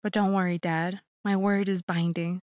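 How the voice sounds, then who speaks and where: A woman voicing a cold, sinister young man bound to shadows, speaking flatly and mockingly. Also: lowish voice, normal speed, no room sound, studio quality, pitched below the performer's own voice, lightly acted.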